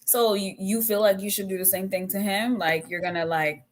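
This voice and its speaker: A woman's voice: medium pitch, fairly even intonation, normal speed, a little hiss or hum. Chatty woman co-host retelling a story. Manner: retells stories with acted-out quotes, laughs often. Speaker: podcast co-host. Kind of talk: casual chat.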